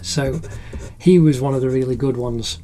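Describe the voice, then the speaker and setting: Middle-aged male art teacher, relaxed and encouraging, mid-pitched, talking while he draws. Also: moderate pace, slight background noise. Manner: warm, encouraging and chatty. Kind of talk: narrated drawing tutorial.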